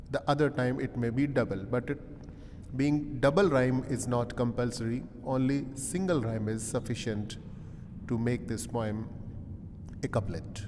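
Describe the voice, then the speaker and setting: A male professor, lecturing slowly with frequent "uh" pauses and rephrasing his points. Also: medium pitch, a little mellow, a little hiss or hum. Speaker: English literature professor. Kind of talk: recorded lecture. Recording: long hall reverb.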